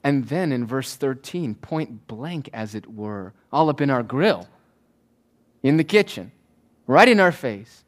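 A man preaching a sermon to his church in an emphatic, rhythmic way, repeating key phrases and slowing down to stress words. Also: sing-song. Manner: swings between soft low asides and loud raised declarations. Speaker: pastor.

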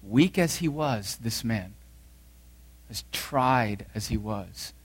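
Speaking slowly in a fairly low, animated voice with a breathy edge, a pastor delivers a heartfelt sermon. He reads from scripture, repeats important phrases, and moves between booming emphasis and quiet intensity.

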